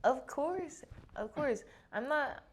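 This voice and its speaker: A woman from Arizona chats as a podcast guest. Her pitch swings widely as she tells stories in a loose, animated way, with swear words all through. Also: takes it slowly, slight background noise. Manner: animated storytelling, heavy swearing. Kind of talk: casual chat.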